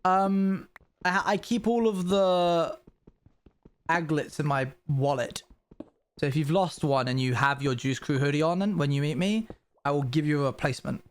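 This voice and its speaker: A young British man streaming live, chatting casually and answering his viewers' questions in quick, upbeat bursts. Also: fairly high pitch, clear, resonant tone. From Britain. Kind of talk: casual livestream chat with viewers.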